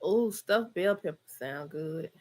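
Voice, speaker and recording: Speaking slowly in a lowish, animated voice, this middle-aged livestream host from Georgia chats at home with her audience and responds to their comments as they come in. Her Southern accent comes through along with plenty of local slang, frequent laughter and a talkative manner.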